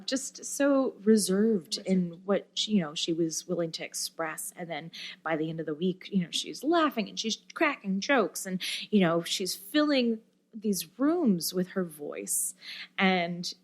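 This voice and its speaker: A woman being interviewed on a podcast, telling a story in a lively, casual way with lots of fillers and acted-out quotes. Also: fairly low pitch, a little slow. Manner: animated storyteller, many fillers, acts out quoted voices. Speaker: guest, musician and camp director.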